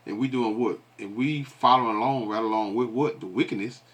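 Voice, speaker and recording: A man giving religious commentary, asking his listeners questions and filling pauses with many ums. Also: mid-range voice. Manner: call-and-response questions, many fillers. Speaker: preacher.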